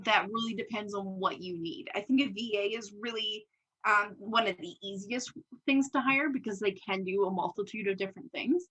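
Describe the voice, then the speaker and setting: A young woman with a bright, forceful voice talks openly as a podcast guest. She laughs easily and slips into little acted quotes of her own past thoughts, in relaxed, candid conversation. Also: mid-range voice, moderate pace, muffled recording. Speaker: podcast guest, business owner. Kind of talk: casual interview chat.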